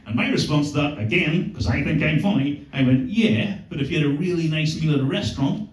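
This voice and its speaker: Sweary Northern Irish comic on stage. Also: male voice, fairly high pitch, lively intonation, a little fast, hardly any pauses, darkish tone. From Northern Ireland. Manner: sweary, self-mocking storytelling. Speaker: stand-up comedian. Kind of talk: stand-up comedy set. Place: comedy club stage. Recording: roomy club sound, mic heard from a distance.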